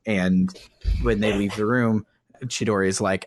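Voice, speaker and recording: A man's voice: fairly low pitch, steady tone, measured pace. A man casually recapping a video game's story on a podcast, rambling with fillers and acting out quotes. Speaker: podcast host recapping a game. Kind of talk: casual chat.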